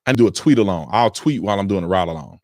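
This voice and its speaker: A man in his thirties hosting a casual livestream from home, reading viewer comments and telling stories with lively, animated delivery. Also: fast, no room sound, clean studio sound. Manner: animated storytelling, voice jumps high when excited. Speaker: livestream host reading super chats.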